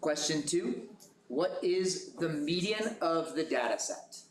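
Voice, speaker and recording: A man moderating a school quiz bowl, reading questions slowly and carefully. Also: fairly high pitch, expressive. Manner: slow, measured question reading. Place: school classroom. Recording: echoey room with noise.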